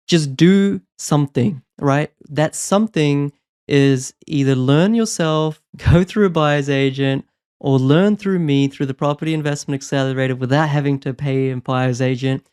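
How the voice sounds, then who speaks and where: A man coaching on property investment, talking in an energetic, persuasive way and often checking in with "right?". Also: fairly high pitch, clean tone. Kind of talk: motivational advice talk.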